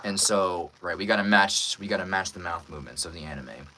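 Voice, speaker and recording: A man's voice: sits low, a little fast, background noise. A man who works as a voice actor, chatting casually about dubbing and asking viewers for feedback. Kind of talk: casual chat explaining dubbing.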